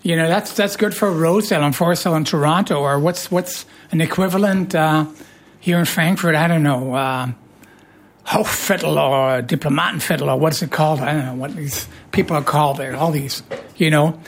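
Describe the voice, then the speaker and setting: A woman with a hoarse voice hosting a casual radio chat, playful and teasing, with animated emphasis. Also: sits low, normal speed. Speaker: radio host.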